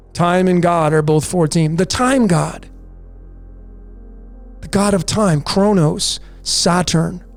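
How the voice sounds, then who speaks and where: Very high-pitched male host, insistent slide-by-slide commentary, faint music bed underneath. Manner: insistent, repeats "folks" and "there it is". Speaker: numerology channel host. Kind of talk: conspiracy commentary over slides.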